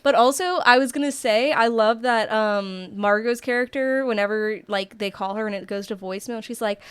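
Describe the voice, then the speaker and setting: A woman's voice: a little high, normal speed, hardly any pauses, smooth, no echo. Chatty young woman with a Chesapeake accent. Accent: Chesapeake Bay region. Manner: animated, many "like" fillers, slips into Southern twang. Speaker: podcast co-host. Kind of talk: casual pop culture chat.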